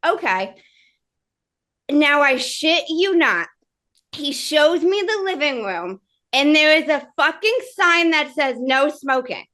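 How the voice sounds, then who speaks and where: A woman guest on a podcast, telling a dating story in a casual, animated way with plenty of swearing. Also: high-pitched, slow pace. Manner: animated, profane, acts out dialogue.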